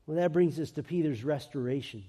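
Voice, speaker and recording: A man preaching a sermon in an earnest voice that swings between emphatic and hushed. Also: a little high, fairly quick, in a large hall.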